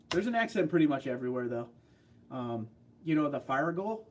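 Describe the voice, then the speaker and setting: A man from New York hosts a livestream, chatting and joking as he reads out viewer comments. His New York accent runs through his speech, and his voice sits a touch higher than most men's. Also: very animated, fairly quick. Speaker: livestream host. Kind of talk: casual livestream chat, reading comments.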